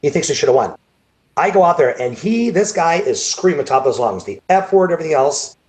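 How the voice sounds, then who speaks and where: A man's voice: on the high side, very animated, brisk, a little mellow. A man, a bodybuilding show promoter, telling a rambling story over a video call, repeating words and restarting sentences. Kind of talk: casual storytelling interview.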